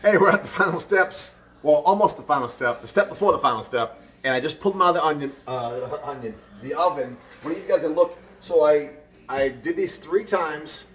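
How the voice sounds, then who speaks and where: A man's voice: on the high side, normal speed, a bit bright, roomy sound. A man hosting a casual home cooking show, chatting straight to his viewers.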